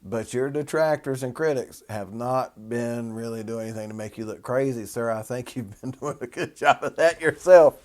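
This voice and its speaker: Wry minister. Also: male voice, mid-range voice, moderate pace, hardly any pauses. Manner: wry, chatty, sardonic, rambling asides. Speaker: minister and show host. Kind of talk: commentary on a news article.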